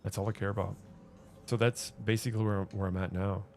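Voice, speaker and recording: A man's voice: lowish voice, little pitch movement, fairly quick, a little mellow, slight background noise. A man streaming, telling a personal story in an earnest, rambling way with many restarts and repeated words. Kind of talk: casual livestream chat.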